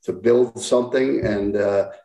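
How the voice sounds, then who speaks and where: A man in his sixties, a guest on an interview, talking in a plain-spoken, halting, reflective way. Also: lowish voice, steady tone, dark tone, echoey room, low-quality recording. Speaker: interview guest, former hockey player. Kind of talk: casual interview talk.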